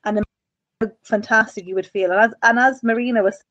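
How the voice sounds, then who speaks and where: A woman's voice: on the high side, steady tone, fairly quick, a bit bright, no echo, muffled recording. A woman from Ireland hosting a radio self-help talk, earnest and encouraging, often repeating her phrases. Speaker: radio host.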